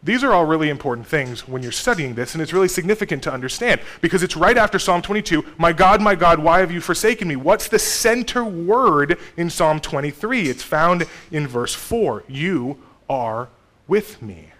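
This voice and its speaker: Animated man preaching a sermon. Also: fairly high pitch, normal speed. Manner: conversational, animated with sudden loud and soft turns. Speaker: pastor.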